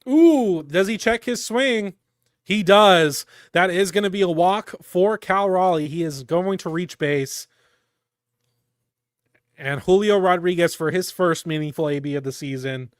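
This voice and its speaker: A man giving live fan play-by-play of a baseball game, calm between pitches and shouting on big plays. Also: a little slow, no echo, studio quality. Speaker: fan commentator.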